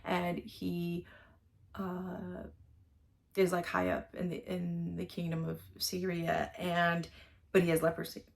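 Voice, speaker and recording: A woman with a somewhat low voice shares thoughts on a scripture passage in an unpolished, conversational way. She rambles, circles back and leans on fillers as she goes. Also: monotone, slow pace, gravelly. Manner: rambling, with many fillers and restarts. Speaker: vlogger. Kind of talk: casual Bible reflection.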